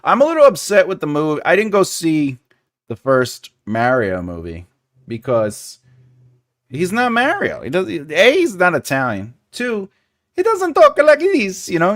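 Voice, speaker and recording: A man's voice: fairly high pitch, a bit bright, no room sound, clean studio sound. A man hosting a casual livestream as a writing teacher, chatty and jokey, chuckling often and greeting viewers by name.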